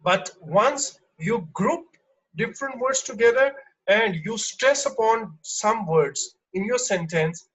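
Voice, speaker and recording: A man teaching an online exam-prep lesson, explaining slowly with lots of fillers and restarts. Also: sits high, animated, a bit bright, breathy edge, rough recording. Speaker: English teacher.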